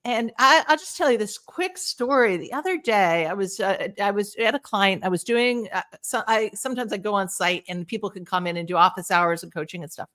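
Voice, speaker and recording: A woman guest speaker in a webinar, earnest and energetic, telling anecdotes in a conversational way. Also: mid-range voice, brisk, hardly any pauses. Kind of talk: conversational storytelling.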